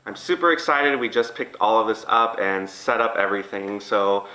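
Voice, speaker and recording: A man with a low, bright, forceful voice hosts a casual food vlog. He is chatty and upbeat in an echoey room. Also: flat delivery, moderate pace. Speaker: vlog host. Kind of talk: casual mukbang chat.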